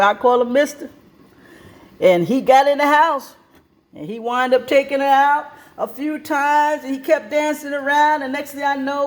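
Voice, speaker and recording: A woman hosts a cooking show, standing at her kitchen stove as she tells a long story. Her voice sits very high, and she talks in a lively, plain-spoken, animated way.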